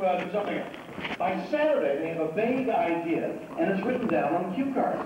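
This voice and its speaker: A man's voice: high voice, animated, fairly quick. A man who is a convention guest, telling a story on stage to an audience. He rambles, jokes and restarts often. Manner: rambling, joking, many restarts. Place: large convention hall. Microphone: home video camera in the audience. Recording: muffled echoey hall from far off. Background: noisy audience.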